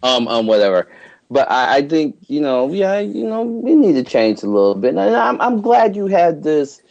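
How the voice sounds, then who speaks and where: A man's voice: a little high, sing-song, normal speed, gravelly, darkish tone, lo-fi sound. A man hosting a casual podcast chat, rambling with many restarts and frequent laughter. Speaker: podcast host.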